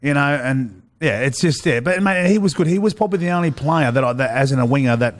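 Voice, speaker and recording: Fast-talking Australian man, rambling. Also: fairly high pitch, expressive. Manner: rapid, rambling, says "mate" often. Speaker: interview guest. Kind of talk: casual storytelling chat.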